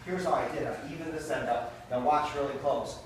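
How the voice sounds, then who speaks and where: A man performing a magic show for children, telling a lively story and often calling the kids "you guys," recorded indoors at a daycare center by a distant camera. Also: mid-range voice, a little fast. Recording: very echoey room, from far off, noisy.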